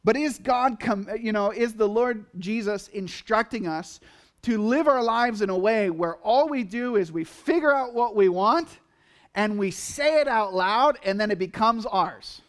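Pastor, male, higher-pitched voice, casual sermon delivery with playful acted-out asides. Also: a little slow. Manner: conversational, animated, acts out quotes in asides.

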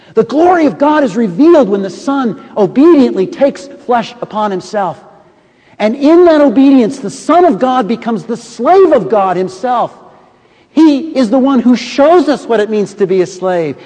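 A man with a high, ringing voice delivers a sermon from the pulpit. He tells stories with drama, dropping to a hush and then building back up. A long hall reverb trails every phrase. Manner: storytelling, dramatic swings from booming to hushed. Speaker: preacher.

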